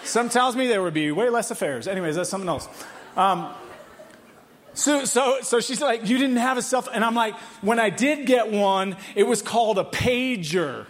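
A man in his forties preaching a sermon in a church, telling a family story in an animated way. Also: sits high, normal speed, a little hiss or hum. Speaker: pastor. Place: church hall.

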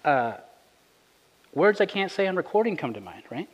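A man in his thirties preaching a sermon as pastor, conversational and earnest, rising in pitch for emphasis. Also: sing-song, normal speed, in a large hall, muffled recording. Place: church sanctuary.

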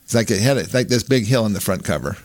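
A man's voice: fairly low pitch, lively intonation, quick pace, no echo. A man, an author, telling a long story casually, with many restarts, who acts out the people he quotes.

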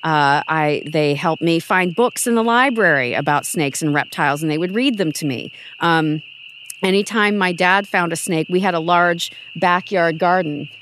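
Middle-aged woman on a podcast, lowish voice, chatty and emotional, faint hiss behind. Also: moderate pace, poor audio. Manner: emotional, animated, quotes family in raised voice, frequent restarts. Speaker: podcast guest. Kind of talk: casual conversational storytelling.

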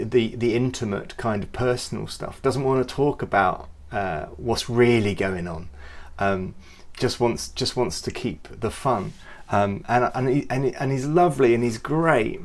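A man's voice: fairly low pitch, vocal fry. A man hosting a youth ministry podcast, talking earnestly and conversationally with many fillers. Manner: earnest, conversational, many fillers, voices the people in his stories. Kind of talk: reflective devotional talk.

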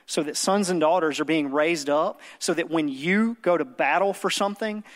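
Preaching to a congregation during a church service, a man in his thirties tells a story to drive home his earnest sermon. He talks at normal speed in a fairly high voice, with soft background music underneath.

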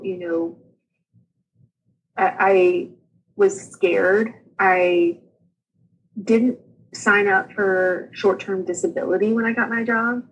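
A woman, a podcast guest candidly retelling her own experience with lively asides. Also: mid-range voice, breathy edge, poor audio. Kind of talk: casual storytelling interview.

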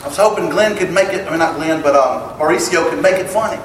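A man preaching a sermon to his congregation, emphatic and building to loud exclamations. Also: on the high side, fast, recorded from a distance, slight background noise. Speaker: pastor. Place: church sanctuary. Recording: echoey hall, picked up from afar.

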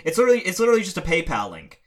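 A man in a casual podcast chat, telling animated stories with heavy profanity. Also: sits high, rapid-fire.

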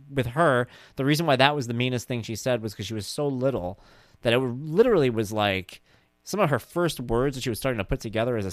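Lively, animated dad telling stories. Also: male voice, no echo. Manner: animated, acts out his daughter in high squeals. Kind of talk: casual storytelling monologue.

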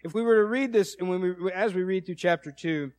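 A man preaching a sermon in a conversational, animated storytelling way, acting out quotes. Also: high voice, brisk, no echo.

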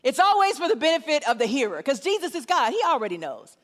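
A woman's voice: sits high, sing-song, fast. Woman preacher, sermon, conversational, emphatic repetition, long hall echo.

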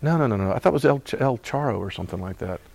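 Lively, animated male preacher. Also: medium pitch, racing, gravelly, dry recording. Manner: animated, conversational, acts out quoted voices with laughs. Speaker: pastor. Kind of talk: sermon.

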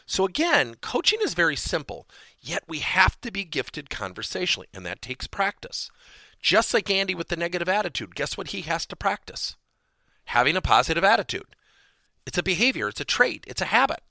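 A man hosting a podcast lesson on workplace coaching, animated and repeating his key points for emphasis. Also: high-pitched, fairly quick, gravelly, no echo, clean studio sound.

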